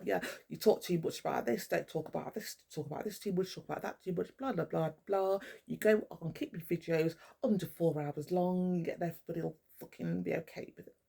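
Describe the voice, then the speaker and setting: A woman's voice: fairly low pitch, vocal fry, warm tone, husky. A woman, talking to the camera in a blunt, rambling monologue full of swearing. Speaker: vlogger. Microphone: camera mic.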